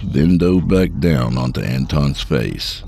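Super deep gravelly guy reading a scary story, slow and measured. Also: animated, warm tone. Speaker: horror story narrator. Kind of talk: scripted narration.

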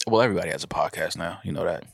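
A man's voice: low voice, racing, vocal fry, breathy edge, no echo, clean studio sound. A man hosting a podcast in casual chat, laid-back, slangy and joking. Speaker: podcast host.

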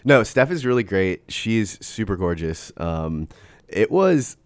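A man's voice: lowish voice, very animated, takes it slowly, dry recording. A young man co-hosting a podcast in casual chat, laid-back and self-deprecating. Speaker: podcast co-host.

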